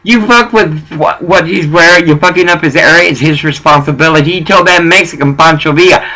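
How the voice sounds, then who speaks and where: A man's voice: on the high side, animated, moderate pace, bright, forceful tone, rough recording. A man telling a rambling, profane story in a casual monologue and dropping in bits of Spanish.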